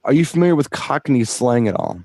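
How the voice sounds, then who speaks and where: A man's voice: mid-range voice, lively intonation, a little fast, mellow, no room sound. A man co-hosting a DJ show in casual chat, explaining things at length with enthusiasm. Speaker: DJ co-host.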